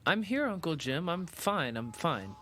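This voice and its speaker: A man's voice: on the high side, very animated, unhurried, pushed and bright, full character voice. An actor playing an earnest, anxious bullied orphan boy who stammers when upset.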